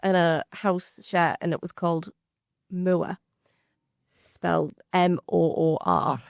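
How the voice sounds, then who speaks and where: A woman's voice: fairly low pitch, slow pace, gravelly, no room sound, studio quality. A young woman with a Geordie accent, chatting easily as a podcast guest. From North East England. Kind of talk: casual chat.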